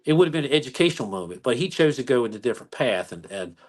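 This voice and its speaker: A man's voice: mid-range voice, very fast. A man in his sixties, a police chief from the United States, animatedly telling stories in an interview. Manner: animated storyteller who acts out dialogue. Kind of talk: storytelling interview.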